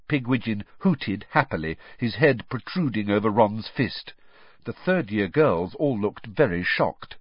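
Male audiobook narrator, husky, lively pitch, expressive storytelling. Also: unhurried, no echo. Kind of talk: scripted narration. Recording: dry, slightly muffled.

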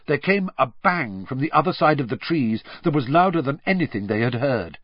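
Lively male audiobook narrator, dull dry sound. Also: medium pitch, no echo. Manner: measured storytelling with lively swings. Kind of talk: scripted narration.

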